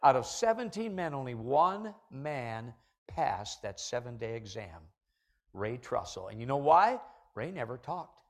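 A middle-aged man preaching a sermon from the pulpit of a church, animated and building to loud, emphatic peaks. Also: mid-range voice, slow, vocal fry. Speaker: pastor. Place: church sanctuary.

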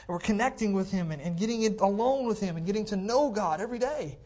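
A man's voice: high-pitched, animated, quick pace, a little mellow. Man preaching a conversational sermon. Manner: conversational preaching, checks in with "okay? all right?"; repeats phrases for emphasis. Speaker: pastor. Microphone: cordless handheld mic.

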